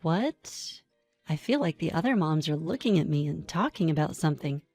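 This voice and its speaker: A woman narrates a first-person story in a calm, even manner, adding the odd dry aside. Her voice sits on the low side for a woman, and faint background music runs beneath the narration. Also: normal speed.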